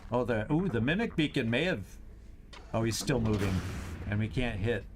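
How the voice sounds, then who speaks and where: A man hosting a game stream, thinking aloud through his moves, tallying enemies and cheering loudly at big shots. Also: mid-range voice, lively intonation, normal speed, over music. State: has the hiccups. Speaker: host. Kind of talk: gameplay commentary.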